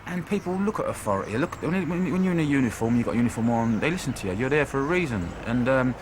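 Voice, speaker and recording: Brief: mid-pitched man, halting explanation, noisy surroundings. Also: expressive. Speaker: props maker. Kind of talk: explaining to camera.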